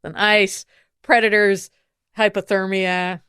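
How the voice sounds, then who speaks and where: Female podcast co-host, mid-pitched, wry and skeptical, dry close-miked sound. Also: little pitch movement, slow, a bit bright, clean tone, no room sound. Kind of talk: casual conversation.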